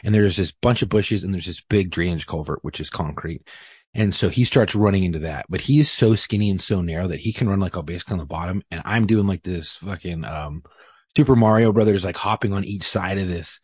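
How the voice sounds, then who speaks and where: Low husky man telling a story. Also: brisk, dry recording, clean studio sound. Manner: profane, animated retelling with acted-out quotes. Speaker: podcast guest. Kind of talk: casual storytelling.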